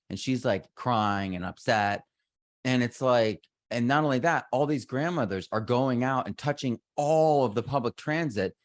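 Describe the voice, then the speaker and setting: Low-voiced rambling man telling a story. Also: normal speed, dry recording, clean studio sound. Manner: rambling, self-interrupting storyteller. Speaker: podcast guest. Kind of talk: casual interview conversation.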